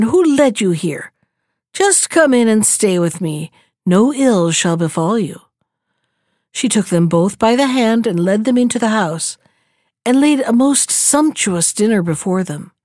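A woman reads a fairy tale aloud, measured and expressive, at a middle pitch. The recording is dry and close, with no room sound. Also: no echo. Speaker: storyteller.

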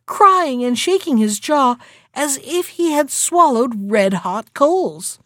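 A woman narrating a fairy tale aloud in an expressive, dramatic storytelling manner. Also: high voice, dry recording, studio quality. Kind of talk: storybook reading.

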